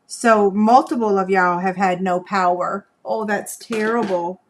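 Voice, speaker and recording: Slow, chatty crafting woman. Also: medium pitch, fairly even intonation. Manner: chatty, folksy, talks to viewers while working. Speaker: crafting livestream host. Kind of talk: live craft demonstration.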